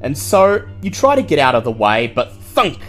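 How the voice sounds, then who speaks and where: A man's voice: medium pitch, huge pitch swings, fairly quick, a bit bright, faint music behind. A man running a tabletop game, explaining rules and narrating the action vividly. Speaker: game master.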